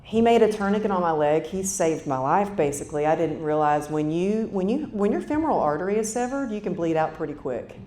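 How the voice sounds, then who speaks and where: A woman's voice: expressive, brisk, few pauses, warm tone. A woman in her fifties giving a motivational keynote, telling a story in a chatty way and talking straight to the audience. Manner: conversational, addresses the audience directly. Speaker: keynote speaker. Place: conference hall stage. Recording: echoey hall with faint rumble.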